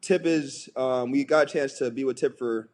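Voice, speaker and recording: Relaxed young host, mid-range voice, chatty and loose. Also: male voice, medium pitch, normal speed. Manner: easygoing, chuckling, conversational. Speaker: podcast host. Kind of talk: casual podcast hosting.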